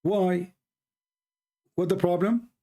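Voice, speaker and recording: Male, Arabic native, Middle Eastern origin; slightly high voice; sarcastic, scoffing video commentator. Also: steady tone, slow pace, warm tone. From Middle East. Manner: mocking, sarcastic. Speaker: religious commentator. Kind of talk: casual commentary over a video.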